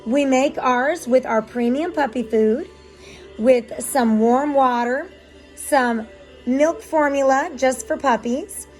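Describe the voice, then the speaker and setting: Woman dog breeder, casual explainer, fairly high voice, soft music bed underneath. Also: slow pace, rough recording. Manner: chatty and explanatory, with filler ums. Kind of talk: casual vlog narration.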